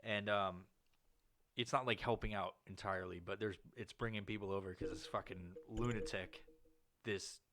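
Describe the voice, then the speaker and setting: A man's voice: steady tone, moderate pace, noisy background. A man hosting a podcast, telling a long story in casual chat, swearing often and rambling with fillers. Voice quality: profane, rambling delivery with many fillers. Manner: acts out quoted people with sudden loud, higher outbursts. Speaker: podcast host.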